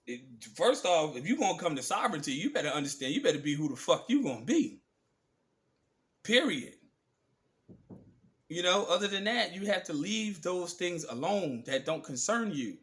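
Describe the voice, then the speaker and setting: A man with a high voice holds forth in a preachy, profanity-laced rant. His tone is bright and forceful. He drags out words for emphasis as he lectures his viewers. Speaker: channel host. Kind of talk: ranting political commentary monologue.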